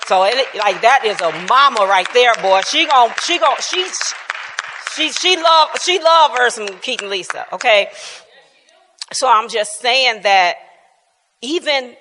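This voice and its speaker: A woman's voice: on the high side, measured pace, a crowd in the background, background noise. A woman giving a casual personal testimony at a church bible class, colloquial and laughing often. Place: church hall. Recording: reverberant church hall.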